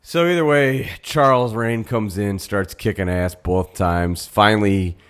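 A man co-hosting a casual movie podcast, with a low, easy voice. He recaps scenes in a laid-back, joking, profane way. He sounds relaxed and conversational. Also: unhurried, smooth. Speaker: podcast co-host. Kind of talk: casual movie-review chat.

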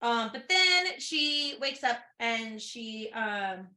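A woman's voice: fairly high pitch, animated, slow pace, pushed and bright, echoey room. A woman co-hosting a casual book podcast, chatty and giggly as she recaps scenes. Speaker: podcast co-host. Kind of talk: casual book chat and reading aloud.

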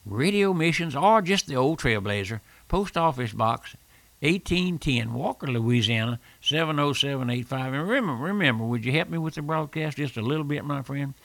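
A man's voice: mid-range voice, expressive, moderate pace, creaky, a bit bright, no echo. An older man preaching a fervent radio sermon, repeating phrases and calling the listener "my friend".

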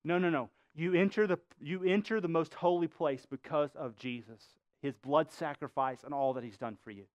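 A man's voice: a little high, moderate pace, no echo. A male pastor preaching a sermon, emphatic, quizzing the congregation with rhetorical questions.

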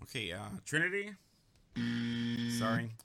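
A man's voice: medium pitch, very animated, measured pace, a crowd in the background. A man hosting a casual celebrity quiz, upbeat and encouraging as he reads names off a list. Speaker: host.

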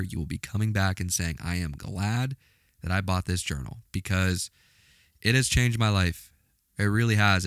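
A man's voice: low-pitched, no room sound, clean studio sound. A man hosting his own podcast, talking casually and earnestly in a motivational way, often repeating himself for emphasis. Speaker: podcast host. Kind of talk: casual solo podcast talk.

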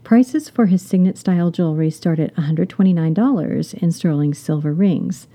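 A middle-aged woman hosting a jewelry podcast, talking fast and enthusiastically with small laughing asides. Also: on the low side, dark tone. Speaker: podcast host.

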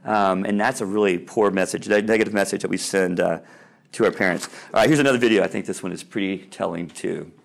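A middle-aged man giving a faith-based talk on sports parenting, telling stories in an animated way and often checking in with "all right?". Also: low-pitched, fast, gravelly.

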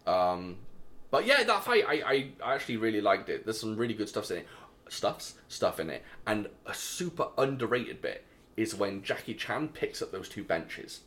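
A British man from the UK, an animated and enthusiastic co-host in casual film chat. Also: lowish voice, normal speed. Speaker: podcast co-host.

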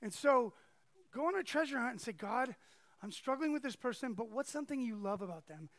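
A man's voice: very high voice, animated, brisk, fairly bright tone, no room sound. A man preaching a sermon to a congregation, speaking conversationally and animatedly, with asides and acted-out quotes. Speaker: pastor.

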